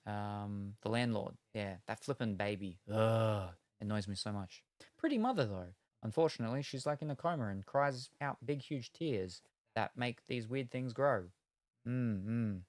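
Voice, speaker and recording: A man's voice: on the low side, lively intonation, normal speed, dry recording. A man chatting casually while opening trading cards, rambling through meandering retellings full of hedges and trailing asides. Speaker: card-opening streamer.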